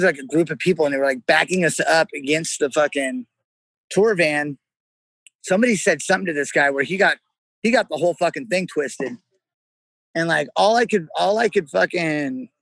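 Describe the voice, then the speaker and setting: A brash man from San Jose chats as a guest, swearing nonstop and telling stories with lots of energy. His voice sits high and sounds bright. The recording is dry and close. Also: creaky, no room sound, rough recording. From San Jose, California. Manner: brash, swears constantly, animated storyteller. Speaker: musician guest. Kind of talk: casual chat.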